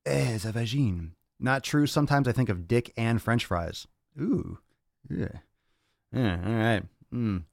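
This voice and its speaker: A man's voice: medium pitch, expressive, measured pace, vocal fry, dry recording, clean studio sound. A man hosting a casual fitness podcast, blunt and crude, joking and repeating himself as he rambles. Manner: repeats phrases, restless rambling delivery. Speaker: podcast host.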